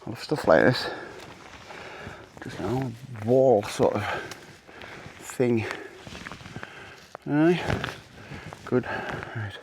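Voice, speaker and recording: A middle-aged man ambles through his thoughts at an unhurried pace, chatting to a handheld camera on an outdoor path. He drifts into jokey asides as he walks, with a faint hiss of noise underneath. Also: mid-range voice, lively intonation, darkish tone. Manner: rambling, jokey asides while walking. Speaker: vlogger. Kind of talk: casual vlog talk to camera. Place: outdoors on woodland and coastal paths.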